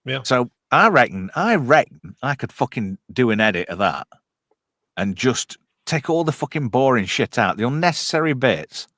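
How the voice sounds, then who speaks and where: Male host, sweary ranter, lively intonation. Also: mid-range voice, normal speed, no room sound, studio quality. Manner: blunt, sweary, ranting. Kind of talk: casual podcast chat.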